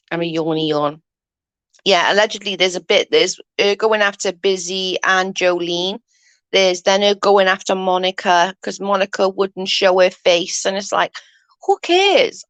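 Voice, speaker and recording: A woman's voice: medium pitch, fairly bright tone, no room sound. A woman hosting a casual live stream, chatting and yawning as she reads comments. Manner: chatty, yawning, says "allegedly" often.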